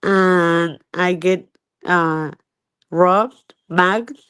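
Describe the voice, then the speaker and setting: A woman in a casual chat panel, talking haltingly and repeating her words as she goes. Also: on the low side, steady tone, a bit bright, clear, resonant tone, no echo.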